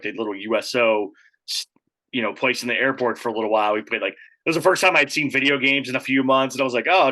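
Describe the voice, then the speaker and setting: A man with a bright, forward voice talks in a loose, casual way. He rambles a little, with fillers and restarts, like a host chatting with a guest. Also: on the low side, low-quality recording. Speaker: podcast host. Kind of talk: casual chat.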